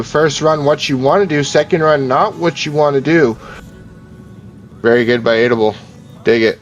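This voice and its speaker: A man's voice: mid-range voice, normal speed, long pauses, lo-fi sound, faint music behind. A man from Ontario, doing joking, hyped play-by-play commentary on drift runs. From Ontario, Canada. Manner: hyped, joking, showman patter.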